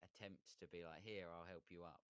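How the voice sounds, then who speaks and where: A man's voice: low-pitched, fairly even intonation, a little fast, a bit bright. A man playing a tabletop game, talking through his character's actions with hesitant fillers. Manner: hesitant, thinking aloud with fillers. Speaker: player.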